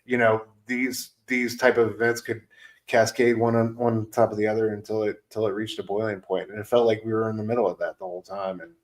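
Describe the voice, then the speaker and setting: A man co-hosts a casual film podcast, rambling enthusiastically and leaning heavily on fillers like "like" and "you know." His voice is fairly low and his delivery flat and brisk. The recording quality is poor.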